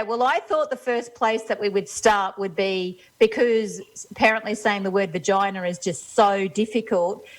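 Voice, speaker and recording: A woman's voice: medium pitch, rough recording. Earnest, emphatic woman talk-show co-host. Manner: earnest, emphatic, prone to restarts. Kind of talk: casual chat.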